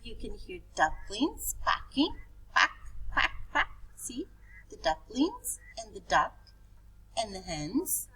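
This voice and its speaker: A woman's voice: a little high, huge pitch swings, takes it slowly, a bit bright, breathy edge, rough recording. A woman teaching preschool children, pointing things out in a sing-song, coaxing way.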